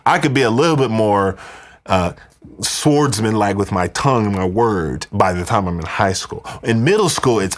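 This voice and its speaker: A man hosting a live podcast, ranting in an animated, conspiratorial way. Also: lowish voice, normal speed. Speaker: podcast host. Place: indoors, wearing headphones.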